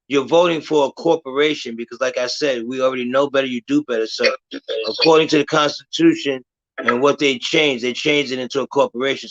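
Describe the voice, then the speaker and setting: A man hosting a live stream, explaining his views in a measured, lecturing way and trying to keep things logical. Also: mid-range voice, highs cut off. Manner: measured, lecturing, says he wants to stay calm and logical. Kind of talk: casual talk on a live stream.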